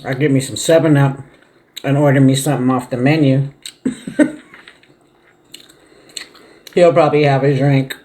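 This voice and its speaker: A middle-aged woman talks casually to her viewers while eating a meal at home. She chats in a relaxed, homey way, laughs often, and murmurs between mouthfuls. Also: extremely low pitch, unhurried, long pauses, slight background noise. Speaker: mukbang vlogger.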